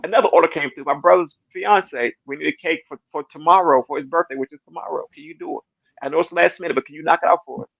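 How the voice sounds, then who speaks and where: High gravelly man sharing testimony. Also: quick pace. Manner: animated, repetitive, acts out conversations with God. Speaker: church member sharing testimony. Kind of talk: casual church panel discussion. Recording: dull lo-fi dry sound.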